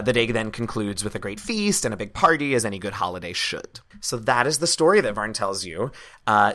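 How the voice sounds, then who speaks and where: A man narrating a tabletop game as game master, telling the story in a relaxed way with frequent "uh" fillers. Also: mid-range voice.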